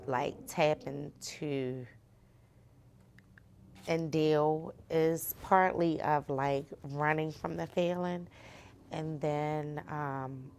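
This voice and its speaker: A young woman talking candidly as a guest in a low, soft-spoken voice. Her delivery is casual and sprinkled with fillers. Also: fairly even intonation, very slow, a little hiss or hum. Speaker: interview guest. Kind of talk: candid personal conversation.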